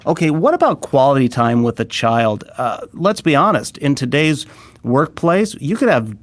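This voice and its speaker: A man's voice: mid-range voice, very animated, normal speed, no echo. A man, a pastor hosting an interview, talking in an earnest, enthusiastic way and often repeating words as he gathers his thoughts. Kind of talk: casual interview conversation.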